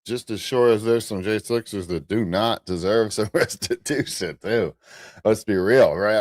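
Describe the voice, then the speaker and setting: Live-show host, American man, very low voice, loose rambling delivery, dry close sound. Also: unhurried, dry recording. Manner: rambling, restarts, chuckles at himself. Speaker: host of a live morning commentary stream. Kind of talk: casual rambling commentary.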